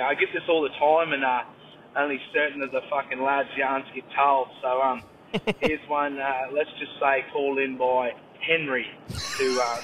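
An Australian man phoning in a rowdy, swear-heavy yarn as a voice message from his car, doing squeaky voices for the people in it. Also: fairly bright tone, a little hiss or hum. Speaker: caller. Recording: lo-fi distant voice note from a car.

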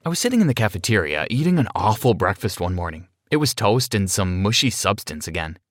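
A man narrating a dramatic first-person story in an expressive reading style. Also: lowish voice, brisk, no room sound, studio quality.

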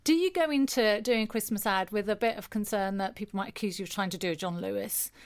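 A woman's voice: medium pitch, quick pace, clean tone. Chatty woman hosting a podcast. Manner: chatty, laughs easily, frequent ums. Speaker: podcast host. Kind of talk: casual chat.

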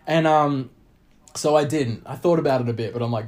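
A man's voice: mid-range voice, fairly quick, darkish tone. Rambling Australian guy telling a story. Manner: rambling, many fillers and restarts. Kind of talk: casual storytelling chat.

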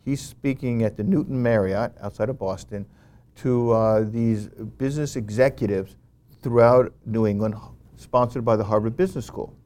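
A man as an interview guest, telling a story animatedly with many fillers and restarts. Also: mid-range voice. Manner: animated, frequent "you know" fillers and restarts. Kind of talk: conversational storytelling.

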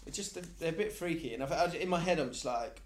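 A man's voice: a little high, quick pace, roomy sound, a little hiss or hum. A man from England hosting a casual podcast chat, leading the topics with a teasing manner. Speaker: podcast host.

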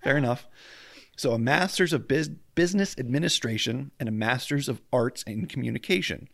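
Man, gravelly voice, casual podcast co-host, jokey storytelling, dry close sound. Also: medium pitch, brisk, fairly bright tone, no echo. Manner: chatty, jokey, stumbles over names. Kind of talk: casual true-crime podcast chat. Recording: dry close mic at home, faint outdoor hum.

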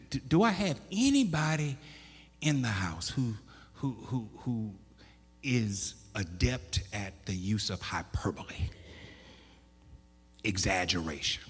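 A man preaching a sermon, with loud emphatic bursts, stammered restarts and questions to the congregation. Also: on the low side, husky. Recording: echoey hall.

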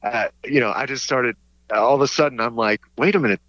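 A man speaking as a guest in a casual conversation, talking haltingly with restarts and small chuckles. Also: medium pitch, fairly even intonation, fairly bright tone, no room sound, lo-fi sound. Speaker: guest sharing his testimony.

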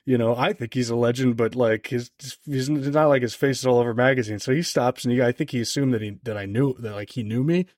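A man's voice: fast talker, few pauses, no echo. Chatty man telling a story, dry mic. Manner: animated, heavy on "like" fillers, jumps higher when quoting others. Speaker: podcast guest. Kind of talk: casual storytelling chat.

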